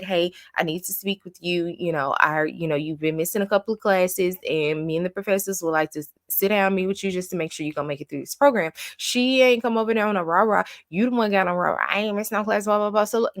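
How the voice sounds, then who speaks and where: A woman with a fairly low voice recaps a reality show in casual, blunt commentary. She rants with open exasperation and strong opinions. Her voice sounds dry and close, with no room echo.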